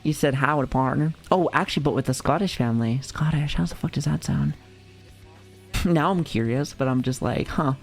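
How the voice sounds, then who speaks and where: A man's voice: fairly high pitch, normal speed, gravelly, faint music behind. An American man streaming, chatting casually with his viewers in a rambling, profane way, full of fillers and restarts. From United States. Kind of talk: casual livestream chat reacting to chat.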